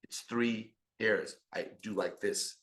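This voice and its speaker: A middle-aged man giving an animated motivational business talk on a video call, telling stories and speaking to the audience directly. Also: lowish voice, slow. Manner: animated storytelling with audience asides. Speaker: business trainer.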